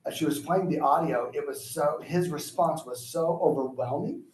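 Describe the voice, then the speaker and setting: A man's voice: fairly high pitch, normal speed, a little mellow. Man rambling through a story. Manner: rambling, self-correcting. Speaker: class participant. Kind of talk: telling a personal story. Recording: echoey room, faint background noise.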